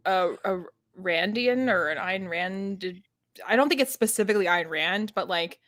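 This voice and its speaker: A woman's voice: mid-range voice, normal speed, a bit bright, dry recording. A woman co-hosting a casual live book discussion, rambling with many fillers. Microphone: home streaming setup.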